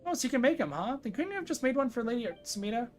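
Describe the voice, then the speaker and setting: A high, chirpy little fairy companion, put on by a streamer reading the game aloud chatters about herself in the third person. Her pitch leaps up and down as she frets and wonders. Soft game music plays faintly underneath. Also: big pitch swings, racing, close to an everyday voice. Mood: chatty. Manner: refers to self in third person. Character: tiny excitable floating female companion.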